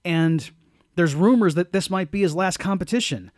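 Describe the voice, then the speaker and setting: Male podcast co-host with a higher voice, halting and full of restarts, dry close sound. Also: no room sound. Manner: halting, with many restarts and laughs. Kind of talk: casual movie-review chat.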